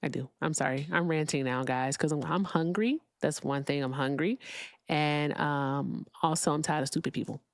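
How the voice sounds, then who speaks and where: A woman's voice: sits low, normal speed, gravelly, dry recording, clean studio sound. A woman hosting a live political stream, ranting bluntly and reading viewer comments aloud. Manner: blunt, profane, ranting, reads super chats aloud. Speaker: livestream political talk host.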